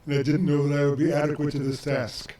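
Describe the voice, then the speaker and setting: An older man reading a prepared talk as guest speaker, measured and earnest. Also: a little high, flat delivery, mellow. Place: lecture hall. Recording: roomy lecture hall, distant mic.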